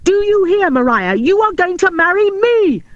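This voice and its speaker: Hot-headed shouting boy, woman reader, high and loud. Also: big pitch swings, moderate pace, no room sound, lo-fi sound. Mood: furious. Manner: shouting, exploding with temper. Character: hot-tempered jealous young boy.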